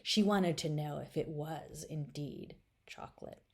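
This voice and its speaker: A woman's voice: deep voice, a little slow, gravelly, a little mellow. A woman reading her own children's story aloud, playfully speaking straight to the listener and dropping to whispers.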